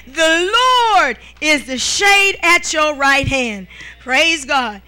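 A woman's voice: high voice, slow pace, bright, forceful tone. A middle-aged woman preaching a sermon, with calls of amen and hallelujah and frequent "all right?" to the congregation.

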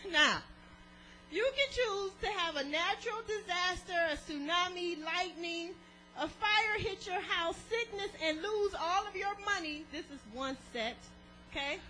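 A woman preaching a sermon in an animated way, laughing often and drawing the congregation into call and response. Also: extremely high pitch, moderate pace, soft background music, poor audio.

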